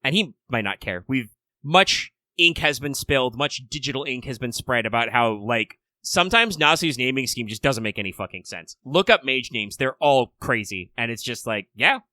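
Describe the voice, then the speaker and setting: An American man co-hosting a relaxed podcast, his voice bright and forward. He rambles, doubles back on words and drops wry asides. The sound is close and dry. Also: mid-range voice, normal speed, no echo. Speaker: podcast co-host. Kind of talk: casual chat.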